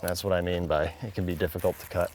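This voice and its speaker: A man's voice: sits low, fairly even intonation, quick pace, background noise. A man hosting home repair videos, chatting casually and muttering in an exasperated, self-mocking way while he works outdoors.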